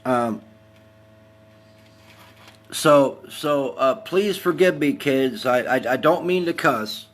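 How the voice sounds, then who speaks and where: A man's voice: medium pitch, slow pace, long pauses. A man in his forties from Texas, hosting a heated, profane rant on his live stream. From El Paso, Texas. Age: 40s. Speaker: livestream host.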